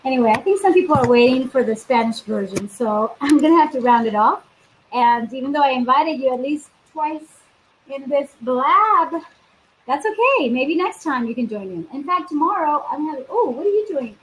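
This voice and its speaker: Chatty high-voiced woman coach. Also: expressive, normal speed, slight background noise, rough recording. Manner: chatty and upbeat, talks straight to viewers. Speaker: life coach hosting a live video stream. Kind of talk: casual live-stream chat.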